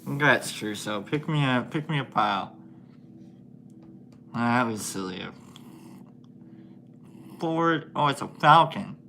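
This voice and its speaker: Slow, playful man hosting a livestream. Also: mid-range voice, animated, creaky, pushed and bright, a little hiss or hum. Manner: playful, laughs often, thinks aloud with many fillers. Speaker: livestream host. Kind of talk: casual livestream chat with viewers.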